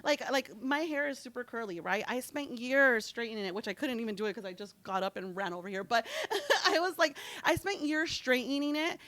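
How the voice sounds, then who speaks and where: A woman's voice: a little high, animated, brisk, hardly any pauses, a bit bright. A woman guest in a casual interview, talking in an earnest, reflective way. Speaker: podcast guest.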